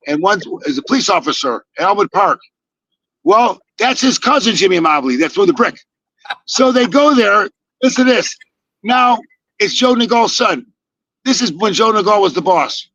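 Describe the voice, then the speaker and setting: A man in his sixties telling a casual story, acting out the quoted lines with lively energy and casual swearing. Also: high-pitched, normal speed, no echo, dull audio. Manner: animated, acts out quoted dialogue, swears casually. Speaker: podcast guest telling stories.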